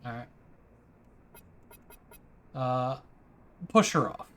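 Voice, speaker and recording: Wry, animated man streaming a game. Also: medium pitch, drawn-out words, slight background noise. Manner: hesitant and wry, with many fillers. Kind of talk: casual let's-play commentary, reading game text aloud.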